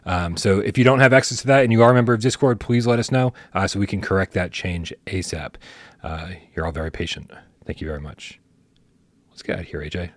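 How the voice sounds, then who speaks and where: Fast-talking low-voiced male co-host. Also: no room sound. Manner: relaxed, rambling, lots of fillers. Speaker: podcast co-host. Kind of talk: casual live-stream sign-off.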